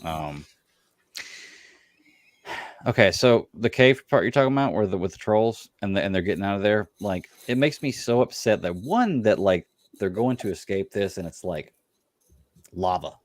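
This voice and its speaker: Low-voiced man in casual podcast chat. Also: moderate pace, no echo, studio quality. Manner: animated, exasperated storytelling with frequent restarts. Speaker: podcast co-host.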